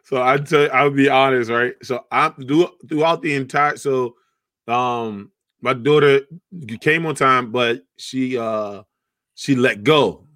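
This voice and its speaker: A young adult man chatting casually, telling an animated, profane story and laughing often. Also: medium pitch, takes it slowly, no room sound, studio quality.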